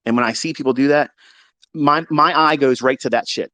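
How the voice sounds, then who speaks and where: A man hosting a live audio room, ranting in a casual, heated way. He is profane, taunting and boastful, and he swings between loud outbursts and low mutters. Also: fairly quick, dry recording.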